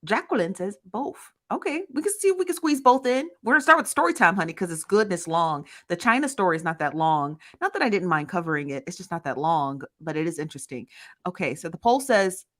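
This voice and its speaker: Animated chatty woman livestream host. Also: fairly low pitch, fast talker. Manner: greets chat viewers by name, animated and chatty. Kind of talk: casual livestream chat. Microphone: phone.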